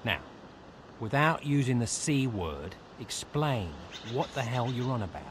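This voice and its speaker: An actor playing a sarcastic, greedy rogue hero with a dry, mocking, impatient way of talking in a video game. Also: male voice, mid-range voice, big pitch swings, unhurried, noisy background.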